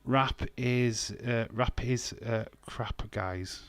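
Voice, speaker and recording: A man casually chatting with viewers as he hosts a wrestling watch-along, self-mocking and quick to laugh. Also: mid-range voice, dry recording. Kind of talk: casual live-stream chat with viewers.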